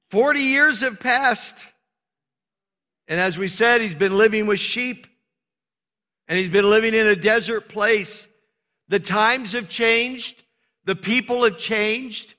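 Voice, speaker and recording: A man's voice: high voice, pushed and bright. An older man, a pastor, preaching a sermon in a conversational way, often calling out "Amen" and making jokes at his own expense. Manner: conversational preaching, frequent "Amen" calls, self-deprecating asides. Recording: long reverb of a large hall.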